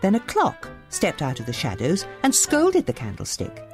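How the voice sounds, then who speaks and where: Woman storyteller, low voice, lively, expressive read-aloud, faint background music. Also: normal speed. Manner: expressive, animated.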